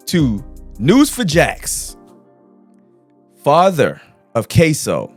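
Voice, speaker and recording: A man hosting a casual online news commentary, his voice swinging up and down in a lively, expressive way. He talks loud and slangy, with a little music playing faintly behind him. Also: medium pitch. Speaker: host.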